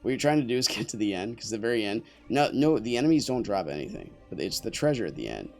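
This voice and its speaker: Quick and sing-song, a young man's lowish, gravelly voice carries casual commentary as he plays on stream. He jokes and rambles with chat and teammates, faint music behind him.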